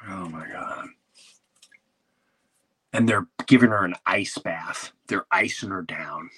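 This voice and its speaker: A man hosting a podcast who tells a comedic story in an animated, rambling way and acts out the quotes. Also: low voice, slow pace, slightly rough. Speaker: podcast host.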